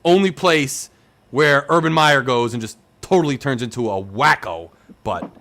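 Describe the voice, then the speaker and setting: A young man hosting a sports podcast, ranting in excited fan chat full of rhetorical questions and "like". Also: medium pitch, normal speed, slight background noise. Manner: animated, ranting, rhetorical questions, says "like" a lot. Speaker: podcast host.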